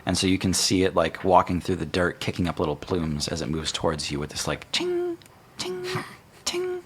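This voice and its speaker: A man narrating a tabletop game as game master, in a relaxed storytelling style with many fillers. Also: deep voice, fast talker, a little hiss or hum.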